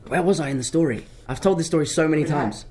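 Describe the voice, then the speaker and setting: A man's voice: fairly high pitch, quick pace. A young man, an actor answering fan questions in a casual live Q&A, telling stories with self-mocking asides. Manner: animated, chatty storytelling, self-mocking asides.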